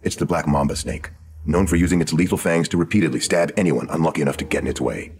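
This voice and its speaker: A man's voice: extremely low pitch, fast talker, a little mellow, breathy edge, full character voice. A man doing a sarcastic 1920s woman writer. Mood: wry. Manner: dry, knowing and sarcastic. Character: sharp, sardonic woman screenwriter of the 1920s. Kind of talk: true crime audio drama.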